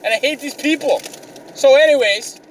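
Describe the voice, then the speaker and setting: A young man with an extremely high voice rants in exasperation at a normal speed, swearing nonstop in a profane, comedic vlog. The mic sits a little far from him, and faint car noise can be heard.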